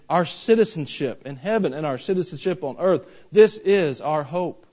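A man's voice: fairly high pitch, a little mellow, highs cut off. A man preaching a sermon. He talks in a folksy, joking way that builds into fervent preaching. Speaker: pastor.

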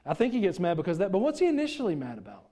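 A middle-aged pastor preaches a sermon in church, folksy and joking, tossing rhetorical questions at the congregation. His high-pitched voice is warm, rapid-fire, and swings hugely in pitch.

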